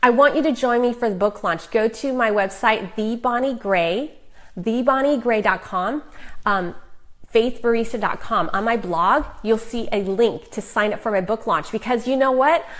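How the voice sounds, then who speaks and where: A woman's voice: on the high side, moderate pace, poor audio. Chatty, upbeat woman giving faith encouragement. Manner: warm, chatty, emphatic, with laughs and fillers. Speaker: author and Christian speaker. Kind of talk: live-streamed encouragement talk to viewers.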